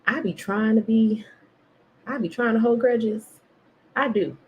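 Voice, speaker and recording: A woman's voice: on the high side, unhurried, dull audio, a little hiss or hum. A woman hosting a faith podcast, chatting casually and self-mockingly while reading from a devotional. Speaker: podcast host.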